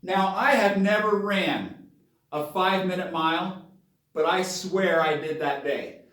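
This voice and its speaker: A father telling a personal story to his camera in a dramatic, excitable way, with sudden bursts of yelling. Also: sits high, measured pace. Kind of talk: animated story time on camera. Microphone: camera mic at a distance. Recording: very echoey room, voice far from camera.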